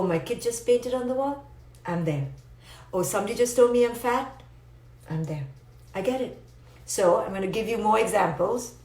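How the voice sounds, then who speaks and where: A woman psychologist giving a playful, animated live talk to viewers and answering their comments. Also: a little high. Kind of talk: live-stream motivational teaching. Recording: roomy echo.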